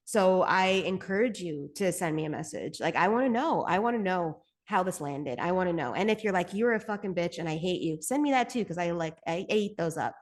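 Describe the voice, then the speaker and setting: A woman's voice: lowish voice, lively intonation, a little fast, few pauses. A woman from Canada, a spiritual guide appearing as a podcast guest, who speaks earnestly and emphatically, repeats her points and swears casually.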